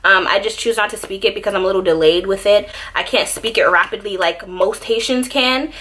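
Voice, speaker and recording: A young woman telling a childhood story in a casual vlog, animated and dramatic, with many fillers. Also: mid-range voice, fairly quick. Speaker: beauty YouTuber.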